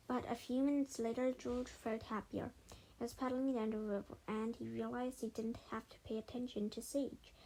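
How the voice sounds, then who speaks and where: A woman with a fairly high voice reads a children's storybook aloud. Her narration is expressive and lively, with the odd stumble and restart left in. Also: slight background noise, low-quality recording. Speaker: storybook reader.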